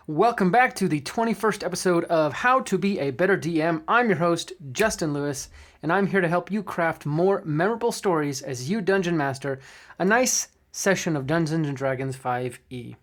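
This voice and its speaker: A man's voice: on the high side, lively intonation, moderate pace. A man hosting a podcast that coaches dungeon masters, talking in an eager, friendly, casual way. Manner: eager and friendly, with small fillers. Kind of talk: upbeat casual podcast talk.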